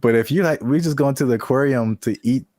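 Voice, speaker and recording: A man's voice: mid-range voice, quick pace, darkish tone, no room sound, clean studio sound. A young man co-hosting a casual podcast, playful and teasing, laughing often. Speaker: podcast co-host.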